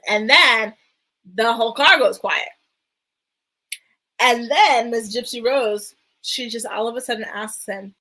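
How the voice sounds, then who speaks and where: A woman's voice: on the high side, measured pace, pushed and bright, rough recording. A woman hosting a casual reality-show recap, chatty and full of fillers. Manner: chatty, many fillers, dips into quoted voices. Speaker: recap vlogger.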